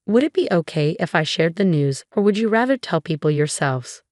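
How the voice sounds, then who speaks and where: A woman voicing a remorseful older mother-in-law who speaks softly and apologetically. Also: fairly low pitch, animated, a little fast, dry recording, clean studio sound, lightly acted. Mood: hopeful. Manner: soft, apologetic.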